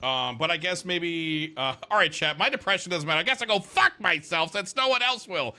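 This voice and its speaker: A man with a slightly high voice chats casually with his viewers while gaming on a livestream, talking at a moderate pace with few pauses. He rambles, swears freely, and stays animated throughout.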